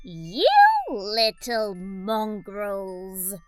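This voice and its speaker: A woman voicing a scary, greedy old witch in a children's storybook, drawing out her words slowly and menacingly. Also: mid-range voice, steady tone, soft background music. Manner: slow, drawn-out menacing delivery.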